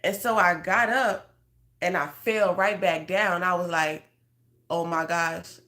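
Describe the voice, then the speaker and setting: A woman's voice: lowish voice, unhurried, bright, forceful tone. A woman, a faith coach, telling an emotional personal testimony in an earnest, conversational way and talking straight to her listeners. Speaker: prophetic guidance coach.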